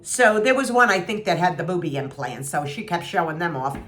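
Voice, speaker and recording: A woman's voice: expressive, brisk, a bit bright, slight background noise. Brassy sixty-something woman ranting. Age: 60s. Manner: blunt and salty, mocking voices, swings pitch up in disbelief. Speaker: vlogger reviewing a TV show. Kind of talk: animated, sarcastic rant to camera.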